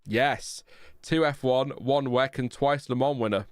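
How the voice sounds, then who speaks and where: A man's voice: mid-range voice, measured pace, clean tone, no room sound. A man hosting a live stream, reading out chat messages in a rambling, self-mocking way with many fillers. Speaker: podcast host reading chat.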